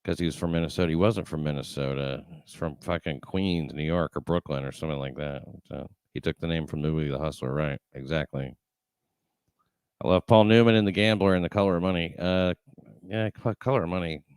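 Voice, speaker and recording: Very deep-voiced profane stream host. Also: male voice, fairly even intonation, brisk, darkish tone, clean tone, dry recording. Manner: rambling, profane, many fillers and restarts. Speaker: show host reading live chat. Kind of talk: casual livestream chat.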